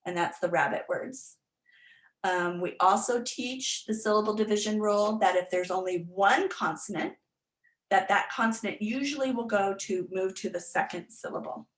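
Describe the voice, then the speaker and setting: A woman's voice: mid-range voice, normal speed. A woman literacy tutor giving an online workshop presentation, explaining step by step with frequent ums and restarts. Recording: echoey room.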